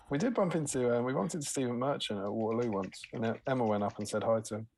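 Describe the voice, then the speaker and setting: A man's voice: mid-range voice, fast talker, gravelly, a little mellow, a little hiss or hum. A man co-hosting a casual livestream chat, telling anecdotes and laughing often. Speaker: co-host.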